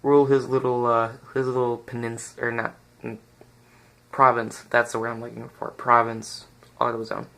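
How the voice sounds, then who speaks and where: A man's voice: medium pitch, flat delivery, normal speed, gravelly, bright, forceful tone. A man giving a casual, rambling toy review recorded on a phone, often stopping to search for the right word and restarting his sentences.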